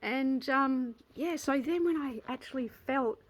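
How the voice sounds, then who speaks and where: Speaking slowly in a high-pitched voice over poor audio, this woman in her 50s hosts a casual motivational vlog on self-worth. Her monologue is earnest and warm, marked by many restarted sentences and quiet laughs.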